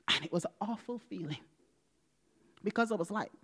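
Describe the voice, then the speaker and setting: A woman's voice: fairly low pitch, a little fast. Dramatic woman preaching a testimony. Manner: dramatic, swings from loud exclamations to hushed whispers; acts out quoted dialogue with God. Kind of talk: personal testimony sermon.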